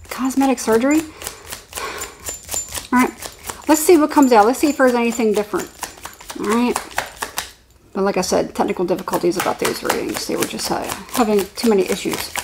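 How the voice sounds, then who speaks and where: A woman doing a casual tarot reading to camera. She is chatty and excitable and rambles with restarts. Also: on the high side, background noise. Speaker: tarot reader.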